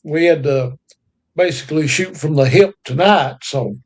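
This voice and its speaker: Co-host, male, high register, easygoing storyteller with homespun phrasing. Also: moderate pace. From North Carolina. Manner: folksy, drawling storyteller with country sayings. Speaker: podcast co-host. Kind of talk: casual chat.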